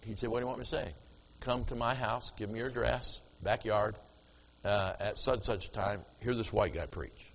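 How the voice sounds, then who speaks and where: A man's voice: lowish voice, moderate pace, long reverb tail, low-quality recording. Preacher man telling a mission story. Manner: animated storyteller acting out dialogue. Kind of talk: sermon storytelling. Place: church platform before congregation.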